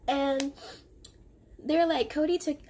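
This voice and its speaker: A woman's voice: high voice, slow. A young woman casually telling a story from her own past, acting out the lines of the people in it. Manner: animated and confrontational, acting out quoted lines. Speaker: storyteller vlogger.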